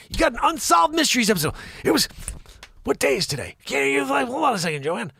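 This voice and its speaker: A man hosting an improvised live comedy show, teasing and rambling, swinging from loud shouts to hushed whispered asides. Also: extremely high pitch, big pitch swings, quick pace, vocal fry, husky, dry recording.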